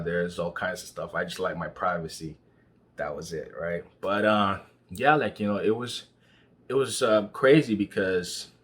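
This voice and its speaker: A man's voice: deep voice, a bit bright. A young man from Nigeria talking casually about student life, with lots of "you know" fillers. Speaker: vlogger. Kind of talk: casual monologue.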